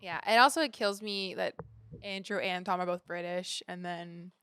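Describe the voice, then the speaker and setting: A woman's voice: fairly low pitch, steady tone, moderate pace, a bit bright, smooth, no room sound. A young woman co-hosting a casual podcast chat, rambling and giggly as she jumps between tangents. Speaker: podcast co-host.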